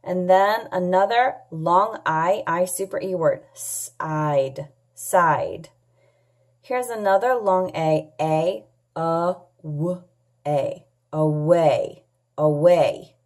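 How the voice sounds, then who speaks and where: A woman teaching a children's phonics lesson, sounding out letters and words clearly and patiently, asking questions and answering them herself. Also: on the low side, extremely slow, a little mellow. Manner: patient, asks and answers her own questions. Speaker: English teacher.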